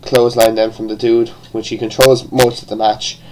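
A man's voice: lowish voice, flat delivery, moderate pace, background noise. A man with an Irish accent giving a casual, rambling review, full of restarts and the odd swear word. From born in England, raised partly in Ireland. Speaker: wrestling show reviewer.

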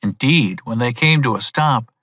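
A man narrating a storybook audiobook for English learners, clear and steady. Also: medium pitch, moderate pace, dry recording.

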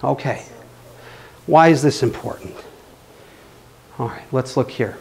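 A man's voice: medium pitch, measured pace, creaky, a little mellow, slight background noise. A man giving a live lecture with drawings to an astronomy club. He is playful and keeps checking in with his listeners. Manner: playful, often checks in with the audience. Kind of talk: live classroom-style lecture.

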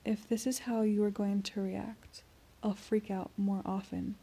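A woman voicing a tall, troubled teenage boy who is warm and teasing, in a quick, earnest way. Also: mid-range voice, level tone, husky.

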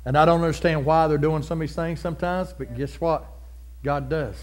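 A middle-aged male pastor preaching a sermon, folksy and down to earth, building into loud, fervent passages. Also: fairly high pitch, fairly even intonation, a little fast.

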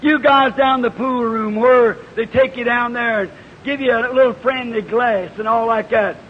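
High-pitched preacher in a hall. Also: male voice, fairly even intonation, moderate pace. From United States. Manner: fervent storytelling preaching, rising to shouts. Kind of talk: revival sermon. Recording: lo-fi 1950s hall recording with hiss.

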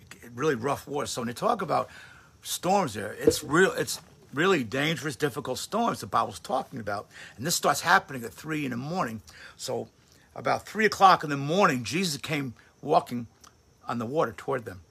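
A man's voice: medium pitch, lively intonation, brisk, creaky, a bit bright, slightly rough. A man who is a pastor, giving a conversational sermon on a livestream with emphatic bursts. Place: home livestream setup. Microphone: phone or webcam on a livestream.

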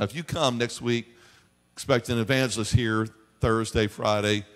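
A man preaching a sermon as pastor, moving between quiet storytelling and loud preaching in a church. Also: on the low side. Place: church sanctuary. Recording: long church hall reverb.

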